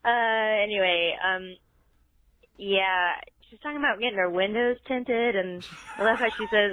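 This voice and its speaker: A woman's voice: medium pitch, moderate pace. A woman calling in to a podcast, chatty, with lots of fillers. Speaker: caller. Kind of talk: voicemail call-in. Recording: dry tinny phone line.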